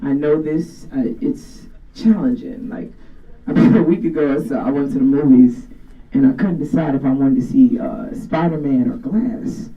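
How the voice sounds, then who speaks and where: A woman with a deep voice performing a profane, animated stand-up comedy set in a garage studio. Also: moderate pace, lo-fi sound. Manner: profane, animated storytelling with crowd banter. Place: garage studio with live audience. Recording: distant mic, live crowd laughter.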